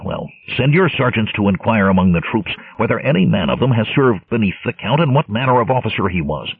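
A man's voice: on the low side, very animated, fairly quick, vocal fry, breathy edge, no room sound, full character voice. A man voicing a blunt, fierce barbarian warrior chief who growls his commands, in a storybook reading. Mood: demanding. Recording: tinny lo-fi narrowband audio.

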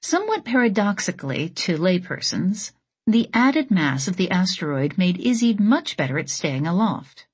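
A woman narrating an audiobook in a steady, measured reading. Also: on the low side, breathy edge. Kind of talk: scripted narration.

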